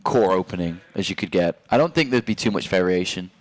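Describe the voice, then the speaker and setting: A man's voice: deep voice, expressive, fast. A man casting a live esports match in a laid-back, joking banter style. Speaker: esports caster. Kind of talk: live game commentary.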